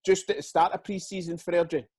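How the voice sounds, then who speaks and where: A man's voice: high-pitched, fairly even intonation, quick pace, darkish tone, husky, no room sound. A middle-aged Scottish man, a retired footballer, telling his career stories in a casual interview, swearing freely and acting out what others said. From Scotland.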